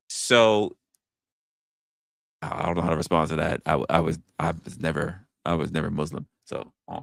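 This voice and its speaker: Young male streamer, lively low voice, chatty and stammering, dry room. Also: moderate pace, vocal fry, no echo. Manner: rambling, stammering restarts, animated put-on quotes. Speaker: livestream host. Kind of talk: casual unscripted livestream chat.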